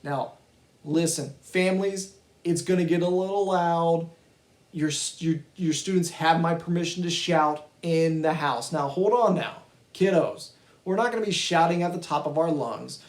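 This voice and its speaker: The music teacher's voice is fairly high and moves at a normal speed as he guides a virtual kindergarten class. He stays patient and encouraging with the children and their families, and the room sounds echoey.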